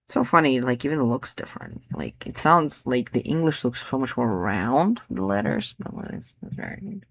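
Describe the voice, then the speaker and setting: A man's voice: mid-range voice, sing-song, normal speed, creaky. Man, mid-range voice, casual poet musing, lots of filler words, drops to mutters. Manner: rambling, full of filler words, drifting into mutters. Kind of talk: casual chat about his own poems.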